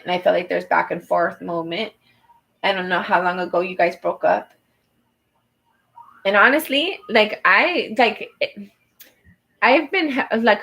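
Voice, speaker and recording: On a rough recording, a woman with a creaky, medium-pitched voice does a personal tarot reading. She speaks to the viewer earnestly and supportively, often using fillers and restarting her sentences.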